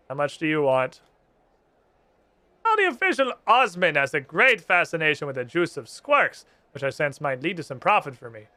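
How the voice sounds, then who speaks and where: A man reading the lines of a greedy male dealer from a game, a little higher than his usual voice. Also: bright, forceful tone, exaggerated voice.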